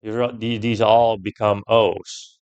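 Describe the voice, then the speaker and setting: Working through a puzzle game one step at a time, this young streamer speaks in a fairly low, clear and resonant voice with a flat delivery, taking things slowly. He curses freely and loudly vents when a puzzle gets the better of him.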